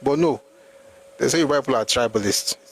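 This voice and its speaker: A man's voice: mid-range voice, quick pace, slightly rough, poor audio. Argumentative Nigerian man. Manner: argumentative, full of rhetorical questions. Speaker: host. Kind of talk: live history talk.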